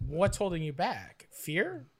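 A man's voice: high voice, sing-song, slow pace, husky. A man in casual banter, teasing and insistent.

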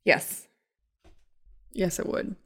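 A woman's voice: very slow, a bit bright. A young woman co-hosting a casual chat, blunt and sardonic and swearing freely. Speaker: podcast co-host.

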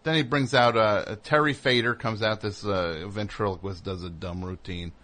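A man's voice: fairly low pitch, steady tone, moderate pace, sharp tone. A man hosting a comedy talk show, telling a rambling story in casual chat and mimicking other people in raised voices. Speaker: comedy radio host.

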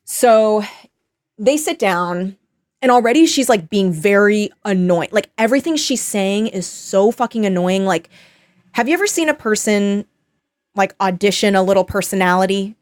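A woman's voice: medium pitch, lively intonation, normal speed, a little mellow, no room sound, studio quality. A woman co-hosting a podcast, telling a story in casual chat that rambles, swears and is full of fillers. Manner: rambling, profane, lots of fillers. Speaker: podcast co-host.

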